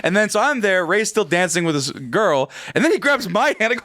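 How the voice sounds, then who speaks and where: Lively high-voiced man telling a story. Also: a little fast, hardly any pauses, no echo. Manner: animated, acts out voices in anecdotes, laughs often. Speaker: podcast co-host. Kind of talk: casual storytelling.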